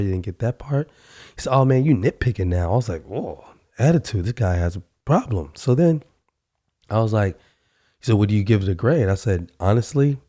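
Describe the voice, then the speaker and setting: A man's voice: fairly low pitch, mellow, no echo, studio quality. A man hosting a podcast, telling a workplace story in a casual, conversational monologue, acting out both sides of the dialogue and often saying "you know". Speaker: podcast host.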